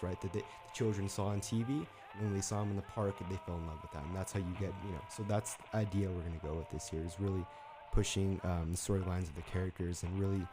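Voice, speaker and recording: A man from a haunt attraction crew explaining his ideas in casual, run-on talk. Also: deep voice. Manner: explains plans in long run-on sentences. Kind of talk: casual chat.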